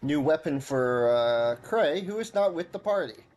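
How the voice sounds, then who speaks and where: A man's voice: on the high side, lively intonation, moderate pace, darkish tone. A male streamer giving chatty, wry commentary while playing a video game. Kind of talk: let's-play commentary.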